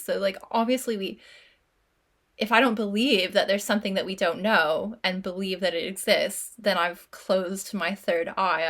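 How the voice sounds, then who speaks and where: Bright-voiced, earnest woman co-host. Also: mid-range voice. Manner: earnest, reflective, with frequent "like" fillers. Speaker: podcast co-host. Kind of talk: casual chat.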